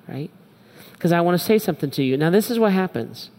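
A man's voice: high-pitched, expressive, fast talker, darkish tone. A middle-aged man preaching a sermon as pastor, telling stories with animation and acting out the voices of the people he quotes. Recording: long reverb of a large hall.

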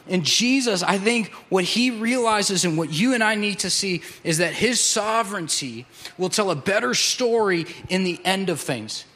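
A male pastor preaching a passionate sermon, slowing down to drive points home. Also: sits high, animated, pushed and bright. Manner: passionate, slows down for emphasis.

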